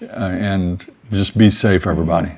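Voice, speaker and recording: A man's voice: low voice, fairly even intonation, moderate pace, vocal fry, a little mellow, breathy edge. An older man co-hosting a casual chat, dry and joking, teasing his wife. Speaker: co-host.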